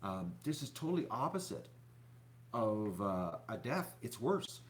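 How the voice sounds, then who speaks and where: Halting, downcast man, lively pitch. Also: slight background noise. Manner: halting, repeats words, many fillers. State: depressed and upset. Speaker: YouTuber host. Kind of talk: rambling live-stream talk to viewers.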